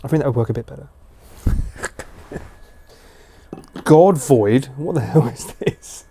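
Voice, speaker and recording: A man streaming live from home late at night, chatting casually and slipping into high sing-song baby talk for a dog. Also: slow, vocal fry, dark tone, slight background noise.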